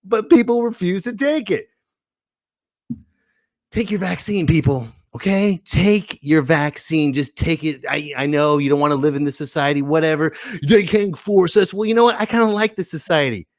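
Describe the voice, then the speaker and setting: A man hosting a comedy podcast, giving an animated, joking monologue full of rambling asides. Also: on the high side, normal speed, hardly any pauses, no echo, studio quality. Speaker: podcast host.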